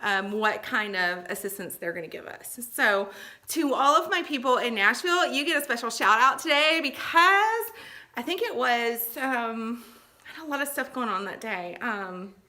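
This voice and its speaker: A woman's voice: fairly high pitch, expressive, moderate pace, sharp tone. A middle-aged woman giving tips in a casual, chatty vlog, reassuring and full of fillers and asides. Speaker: vlogger giving shopper tips.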